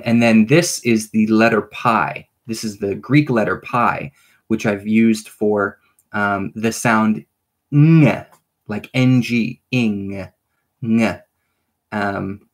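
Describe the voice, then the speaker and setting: A man with a lowish voice walks through an invented alphabet at an unhurried pace. He pauses often with ums and restarts, and sounds out each letter with care. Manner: hesitant, many ums and restarts. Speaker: conlang creator explaining an alphabet. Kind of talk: unscripted explanatory lesson.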